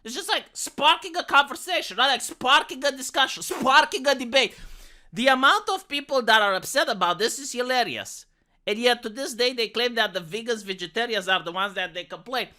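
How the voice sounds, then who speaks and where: A man delivers a casual vlog rant. He is sarcastic and worked up, and his voice carries a bright, forceful edge. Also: very high voice, brisk. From Romania. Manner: sarcastic, ranting. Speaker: vlogger.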